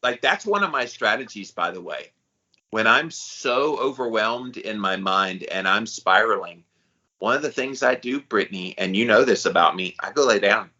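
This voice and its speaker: A man co-hosting a podcast, talking in a relaxed, candid, slangy way in casual chat. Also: on the low side, moderate pace, muffled recording. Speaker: podcast co-host.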